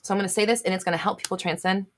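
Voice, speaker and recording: A woman's voice: medium pitch, fairly even intonation, rapid-fire. A woman hosting a live question-and-answer stream, reading out viewer comments and answering them bluntly, with emphatic repetition, swearing and laughing at herself.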